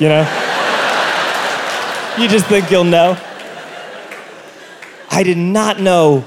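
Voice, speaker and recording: A man doing a stand-up comedy routine on stage, telling a self-mocking story with loud outbursts into a handheld mic. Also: high voice, slow, long pauses, some chatter behind, a little hiss or hum. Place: comedy stage before an audience. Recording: live comedy show with audience laughter.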